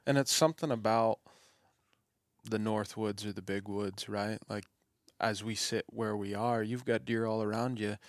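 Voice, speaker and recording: Brief: easygoing male host wrapping up a chat, lowish voice. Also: fairly even intonation, normal speed, no echo, studio quality. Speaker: podcast host. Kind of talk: casual chat.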